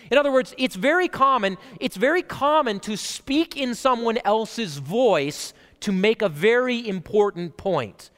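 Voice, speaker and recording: A man preaches a casual, conversational sermon in a high voice that rises and falls with lively energy. He keeps checking in with his listeners through frequent asides. His voice rings through a reverberant church hall with a long echo. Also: normal speed, hardly any pauses. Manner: animated and chatty, with frequent "like" and "right?" asides. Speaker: pastor.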